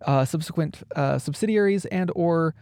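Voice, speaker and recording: A man co-hosting a casual podcast, animated and teasing, with quick asides. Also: on the high side, clean tone, dry recording. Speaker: podcast co-host.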